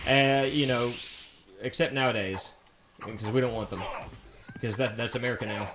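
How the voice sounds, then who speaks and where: A man's voice: mid-range voice, moderate pace, noisy background. A man from Alabama with a mild Southern US accent, chatting in a rambling, easy-going way while live-streaming a video game. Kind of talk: casual live-stream chat while playing.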